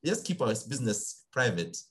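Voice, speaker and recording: A young man talks through an interview at an easy conversational pace. His pitch swings widely as he speaks, and he slips into the voices of the people in his stories. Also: fast, breathy edge. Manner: animated storyteller, acts out quoted dialogue. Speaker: guest, psychiatrist in training.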